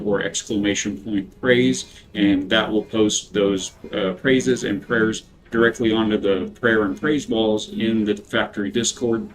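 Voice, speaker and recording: A man hosting a game livestream, talking in an earnest, unhurried, casual way. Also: on the low side, rough recording. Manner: earnest, unhurried talk with a devotional bent. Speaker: game streamer.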